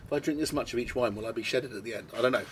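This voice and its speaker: A man's voice: medium pitch, very fast. A British man tastes wines on camera and talks through them in a chatty, eager way. His voice sits in the middle range. A faint noise runs under the recording. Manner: chatty and enthusiastic, tastes and comments as he goes. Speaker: wine presenter. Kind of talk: casual wine tasting video. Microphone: camera mic.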